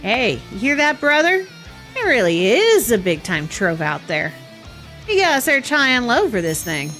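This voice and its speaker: A woman voicing a cocky young male treasure hunter, brash and taunting, pitching her voice lower. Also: sing-song, normal speed, a bit bright, soft background music.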